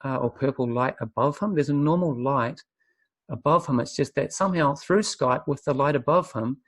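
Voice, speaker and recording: A man presenting a spiritual webinar, telling his story earnestly and reflectively, often pausing to find his words. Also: mid-range voice, breathy edge, no echo. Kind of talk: spiritual talk, personal testimony.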